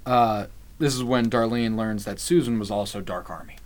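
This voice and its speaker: A man's voice: on the low side, steady tone, moderate pace. A man co-hosting a podcast, recapping a TV episode in casual chat, laughing often and swearing freely. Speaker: podcast co-host.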